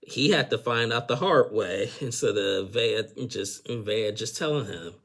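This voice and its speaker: Man, low gravelly voice, casual rambling commentary, lots of fillers. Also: measured pace, fairly bright tone. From United States. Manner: rambling, heavy use of filler phrases. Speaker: reality TV recap vlogger.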